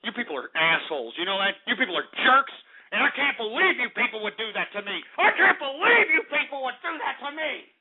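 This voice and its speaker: A man hosting a talk radio show, delivering an exasperated, swearing rant with frequent shouting. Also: very high voice, big pitch swings, a little fast, husky. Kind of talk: angry on-air rant. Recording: narrow phone-like radio audio.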